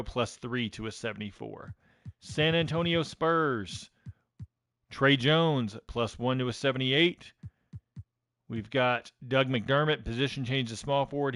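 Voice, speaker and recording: A man's voice: medium pitch, fairly bright tone, no room sound, studio quality. A man hosting a live stream, casually reading out game ratings with lots of ums and uhs. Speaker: gaming channel host.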